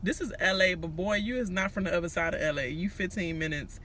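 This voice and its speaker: A man from Washington D.C. giving a casual ranting TV recap, profane and animated, laughing and slipping into impressions. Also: sits high, fast, slight background noise. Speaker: recap vlogger.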